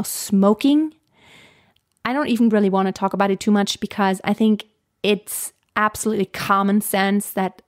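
A woman's voice: medium pitch, a little mellow. A woman vocal coach giving a casual teaching talk, chatty and laughing often as she restarts her sentences.

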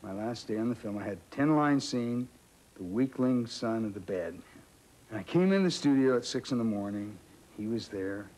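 A man's voice: on the low side, expressive, normal speed, darkish tone, poor audio. A man reminiscing in an interview, reflective and slipping into the voices of people he quotes. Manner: reflective, acts out quotes of others.

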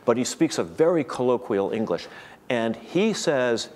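A man's voice: medium pitch, sing-song, normal speed, darkish tone, slight background noise. A middle-aged man giving an academic seminar lecture, thoughtful and digressive, often restarting his sentences. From United States.

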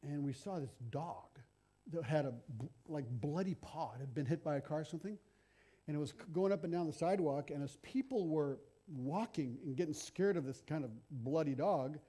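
A middle-aged man preaches a sermon in a lively, conversational storytelling style. His voice is high for a man yet dark and mellow, slightly rough, at a moderate pace.

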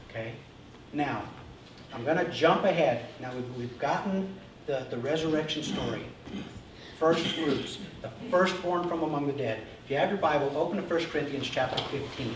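A man's voice: a little high, moderate pace. A man preaching an Easter sermon as pastor, talking to the congregation and often checking in with "Okay?". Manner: animated, acting out Bible figures. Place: church sanctuary. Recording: very echoey room, voice from a distance, faint noise.

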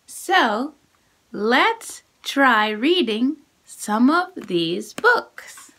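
A woman's voice: on the high side, sing-song, very slow, sharp tone, a little hiss or hum. A woman teaching sight words to children, cheering them on with praise in an exaggerated sing-song way. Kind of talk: sight word drill for kids.

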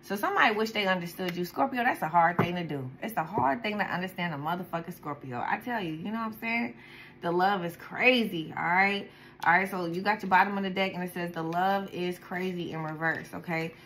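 A woman's voice: lowish voice, fairly quick, a bit bright, a little hiss or hum, poor audio. Chatty, profane woman tarot reader. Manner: profane, chatty, rambling, with frequent laughs. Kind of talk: casual tarot reading to viewers.

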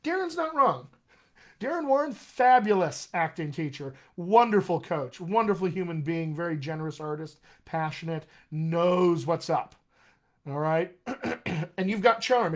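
A man coaching actors on accents in a live online session, enthusiastic and encouraging, talking straight to his viewers. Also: on the high side. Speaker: dialect coach. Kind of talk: live-streamed coaching talk. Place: home room, live video stream.

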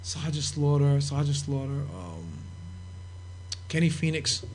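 As a podcast guest, a man casually tells profane backstage stories in a fairly high, unhurried voice. He's animated and laughing, acting out the voices of the people he quotes, with slight background noise behind him.

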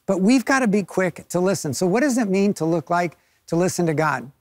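A man with a fairly high voice preaches a sermon as a lively storyteller. He acts out the people in his story and laughs along with it. The sound is dry and close. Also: a little fast, no echo. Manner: chuckles while telling the story. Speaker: pastor.

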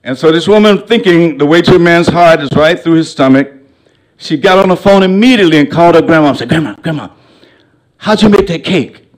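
A man's voice: fairly high pitch, fast. An older man giving a public lecture as a guest speaker, folksy and humorous, with a preacher-like cadence, in a college lecture hall.

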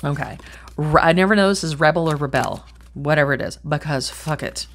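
With a deep voice and a brisk delivery, a middle-aged woman does a talkative tarot reading on camera. She wanders as she thinks aloud, is blunt, and curses casually.

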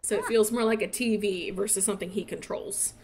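A woman's voice: mid-range voice, fairly even intonation, brisk, darkish tone. A young woman in her twenties chatting casually while she plays, rambling about her son and laughing often. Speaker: gaming streamer and mother. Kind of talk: casual chat while playing.

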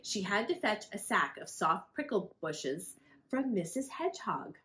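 A woman's voice: mid-range voice, a little slow. Librarian lady reading a kids' book, friendly, voice bouncing up and down a lot. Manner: expressive, friendly storytelling. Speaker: children's librarian. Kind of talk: reading a picture book aloud to children.

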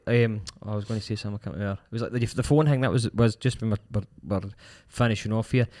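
Fast-talking Scottish man, low voice. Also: fairly even intonation, a little mellow. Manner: rambling, storytelling with restarts. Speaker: podcast co-host. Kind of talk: casual podcast chat.

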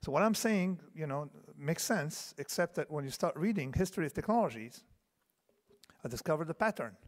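A keynote speaker in his fifties lectures in a large conference hall with long reverb. He digresses and restarts often, checking in with the audience by asking "okay?". His voice is a little high, with lively intonation and a moderate pace.

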